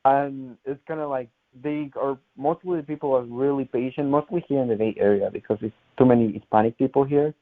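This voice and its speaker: A man in his twenties from Colombia, a native Spanish speaker with a strong Colombian Spanish accent, answering interview questions in halting, word-searching English. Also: mid-range voice. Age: 20s. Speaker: guest salesman. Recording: tinny phone line.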